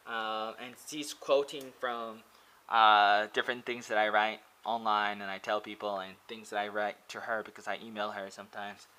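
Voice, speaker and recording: A man's voice: fairly low pitch, little pitch movement, moderate pace, bright, forceful tone, smooth, low-quality recording. A man vlogging from a pagoda in a rambling, casual monologue. He hesitates often, with many fillers and restarts.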